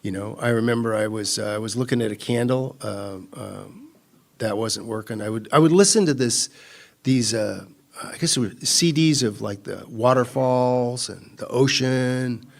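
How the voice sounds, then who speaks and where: A man's voice: medium pitch, normal speed, vocal fry. A man from California speaking at a recovery retreat, rambling through his story with many restarts and easy laughter. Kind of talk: personal talk at a recovery retreat.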